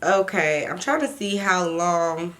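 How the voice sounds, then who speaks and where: A woman's voice: lowish voice, slow pace, a bit bright. A young woman telling a personal story to her viewers in casual chat, often repeating words and reading old text messages aloud. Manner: chatty, repeats words, reads texts aloud.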